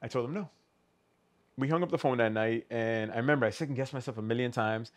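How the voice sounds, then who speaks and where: A man, a podcast guest, telling a story in an animated, casual way, swearing freely and acting out the lines of the people in it. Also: medium pitch, fast. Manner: animated, swears, acts out quoted dialogue. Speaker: podcast guest, custom shoe artist.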